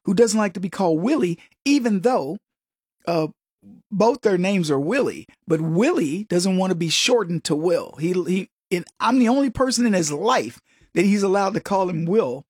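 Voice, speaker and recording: A man's voice: sits high, expressive, normal speed, slightly rough, dry recording, clean studio sound. A man hosting an opinion commentary, talking straight to viewers in an emphatic way and often repeating words. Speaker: commentary host.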